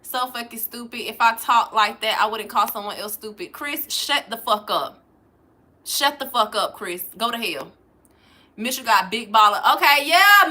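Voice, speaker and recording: A woman, hosting a livestream, reading out chat comments and loudly mocking trolls, cursing freely. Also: fairly high pitch, lively intonation, a little slow. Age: 40s. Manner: loud, profane and mocking, calling out trolls. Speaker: livestream host.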